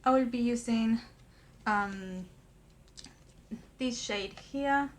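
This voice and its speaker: Slow-talking woman, makeup vlog. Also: on the high side. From Argentina. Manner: hesitant, many pauses and fillers. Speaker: makeup vlogger. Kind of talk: casual makeup tutorial.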